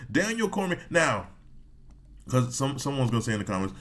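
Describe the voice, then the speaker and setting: A man's voice: mid-range voice, sing-song, brisk, pauses often, a bit bright. A man hosting a reaction video, reading a sports article aloud with rambling, joking asides and frequent laughs.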